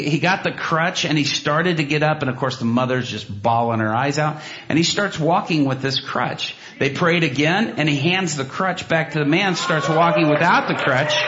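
A man preaching and telling a story, animated, with many restarts and asides, jumping into loud, high bursts when he acts out what people said. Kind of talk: sermon storytelling. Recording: dull lo-fi sound.

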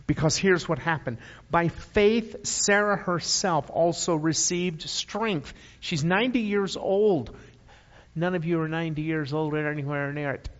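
A man's voice: fairly high pitch, moderate pace. An older man preaching a sermon in a church, emphatic, repeating key phrases with folksy asides. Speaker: guest preacher. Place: church sanctuary. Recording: dull audio with long hall reverb.

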